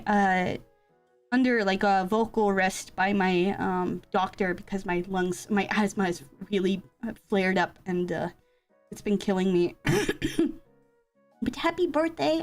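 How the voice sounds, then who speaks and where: A woman's voice: mid-range voice, lively intonation, normal speed, faint music behind. A young woman streamer chatting casually into a desk mic, telling rambling stories with frequent giggles. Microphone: desk microphone.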